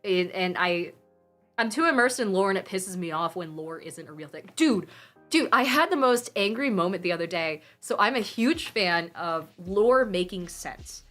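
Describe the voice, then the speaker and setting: A young woman live streaming from her phone, chatting casually with viewers in a rambling, animated way and swearing freely. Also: fairly low pitch, normal speed, soft background music. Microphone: phone mic.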